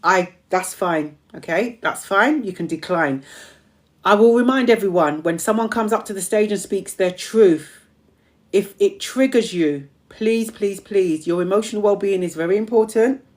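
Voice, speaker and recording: A woman's voice: medium pitch, moderate pace, darkish tone. A woman hosting a motivational live stream, emphatically repeating affirmations to her community, her voice strained and tiring.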